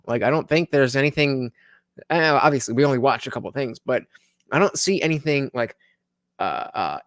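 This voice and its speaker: A man's voice: mid-range voice, fairly bright tone, no room sound, clean studio sound. A man casually commenting over video clips on a live stream, rambling with lots of restarts and repeated words.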